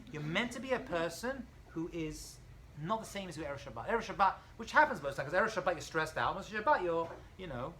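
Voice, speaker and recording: A man lecturing as a rabbi in a college classroom, lively and storytelling, acting out characters as he goes. His tone is bright and forceful. A faint hum of the room sits under the voice. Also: a little high, poor audio. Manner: animated storyteller, acts out dialogue, jokes with students.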